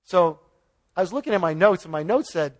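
A man with a high, expressive voice talks fairly quickly as a preacher giving an informal Bible teaching. He retells the story in a folksy way, paraphrasing the dialogue and chuckling along.

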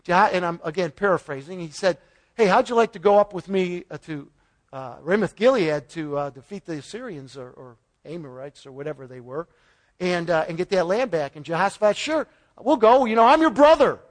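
A preacher with a somewhat high voice speaks fairly quickly in an informal Bible teaching. He retells the story folksily, paraphrasing the dialogue and chuckling as he goes.

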